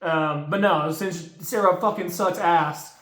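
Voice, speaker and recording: A man's voice: high voice, measured pace, fairly bright tone. A young man recapping a horror movie in a casual, profane, exasperated rant full of slang. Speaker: movie reviewer. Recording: roomy echo.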